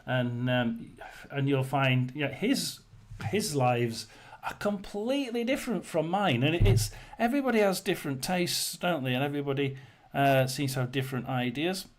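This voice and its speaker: A man hosts a casual live chat and talks to viewers in a loose, rambling way. He restarts often and fills pauses with ums and uhs. His voice sits a little high for a man. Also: expressive. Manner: rambling, many fillers and restarts. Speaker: livestream host. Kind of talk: casual livestream chat reading comments.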